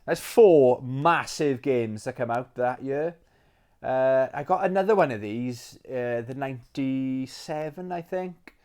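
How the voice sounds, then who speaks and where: A man chatting casually about games he has collected, rambling and quick to get excited, with lots of fillers. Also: medium pitch, smooth. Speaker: retro game collector. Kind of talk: casual video chat.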